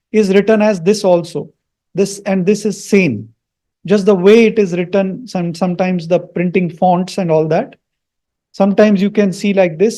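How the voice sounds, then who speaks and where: A man teaching the meaning of a Sanskrit mantra, slowly repeating each word for learners. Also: high-pitched, warm tone. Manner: slow, repeats words for learners.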